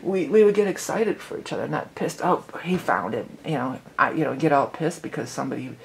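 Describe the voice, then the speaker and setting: A woman's voice: deep voice, animated, quick pace, creaky, slight background noise. A middle-aged woman hosting an astrology channel, chatting casually and rambling with lots of "you know". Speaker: psychic astrology channel host.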